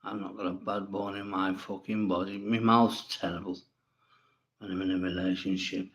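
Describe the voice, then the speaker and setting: A man's voice: deep voice, flat delivery, normal speed, fairly bright tone, muffled recording. A man hosting a casual livestream, reading viewers' comments and answering them bluntly, with plenty of swearing and rambling. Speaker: livestream host.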